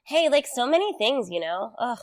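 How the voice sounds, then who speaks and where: A woman's voice: a little high, expressive, moderate pace. A woman guest on a casual podcast, talking hesitantly with many fillers. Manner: hesitant, filler-heavy, soft-spoken.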